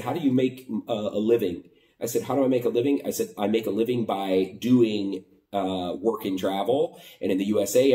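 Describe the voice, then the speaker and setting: A man's voice: mid-range voice, warm tone, roomy sound, distant mic. A man from the United States casually retelling a border crossing story, acting out both sides of the conversation. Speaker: vlogger.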